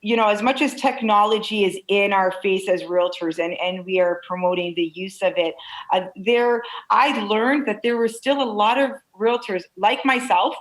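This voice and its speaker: A woman answers interview questions in an open, animated way, tumbling through stories with frequent restarts. Her pitch sits mid-range, neither high nor low. She talks like a real estate broker-owner speaking from a video call. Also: moderate pace, rough recording. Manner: animated, candid storytelling with many restarts.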